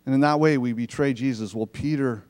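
A man's voice: mid-range voice, a little fast, a little mellow. A man preaching a sermon in a church sanctuary, reading verses and explaining them in a conversational way. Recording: long reverb of a church hall.

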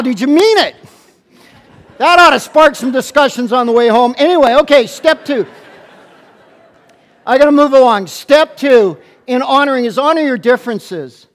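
Preaching to his congregation, this very high-voiced pastor keeps things animated and playful. He stumbles often, quickly restarting his phrases.

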